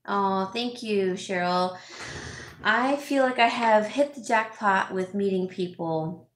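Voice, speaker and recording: A middle-aged woman chats slowly and effusively as she opens packages and thanks viewers by name. Her voice sits at an ordinary pitch. The home room adds a roomy echo with a faint hiss behind it. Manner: chatty, gushing, reads viewer names aloud. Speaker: vlog host, home stager. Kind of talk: casual live-chat haul vlog.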